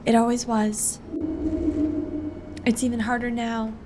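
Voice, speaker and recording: A woman's voice: on the high side, level tone, unhurried, mellow, a little hiss or hum, natural voice. A woman voicing an eerie ghostly mother who speaks in a creepy, coaxing way.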